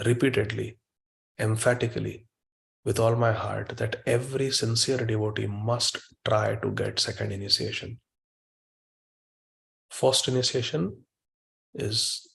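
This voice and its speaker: A man's voice: fairly low pitch, creaky. A man giving a devotional scripture class in an online meeting, emphatic and repeating words for stress. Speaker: spiritual teacher.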